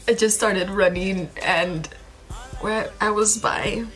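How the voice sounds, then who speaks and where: A woman in a vlog, recounting a personal loss in a halting, emotional way, full of fillers and restarts. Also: medium pitch, fairly even intonation, a bit bright, faint music behind, poor audio. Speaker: vlogger. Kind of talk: personal storytelling.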